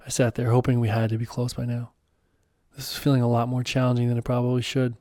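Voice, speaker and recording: A man reads his own first-person story aloud, earnest and a little self-deprecating. His voice is warm and mellow, and the recording is dry and close. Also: medium pitch, completely flat delivery, fast talker, dry recording. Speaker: author and narrator.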